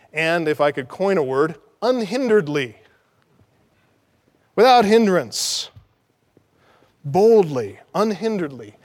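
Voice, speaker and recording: A man's voice: high-pitched, long reverb tail. A man preaching a sermon, emphatic, repeating key words to drive them home. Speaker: pastor.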